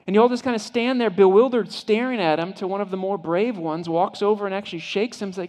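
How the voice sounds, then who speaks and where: A male pastor giving a sermon, vividly retelling a story in the second person and often dropping to a hushed voice. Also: sits high, fast talker, few pauses. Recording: long hall reverb.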